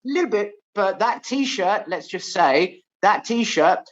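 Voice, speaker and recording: Lively English man telling stories. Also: sits high, slow pace. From England. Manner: lively storytelling with frequent laughs. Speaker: host. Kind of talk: casual chat. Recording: dull lo-fi sound.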